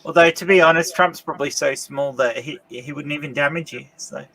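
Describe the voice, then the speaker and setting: A man's voice: a little high, brisk, gravelly, pushed and bright. A man in casual stream chat, teasing the others and laughing often.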